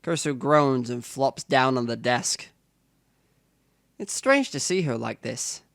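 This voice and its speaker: A man's voice: mid-range voice, expressive, measured pace, vocal fry, fairly bright tone, no echo, studio quality. Man reading a visual novel aloud. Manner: narrates in first person, with asides to the viewer. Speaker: let's player.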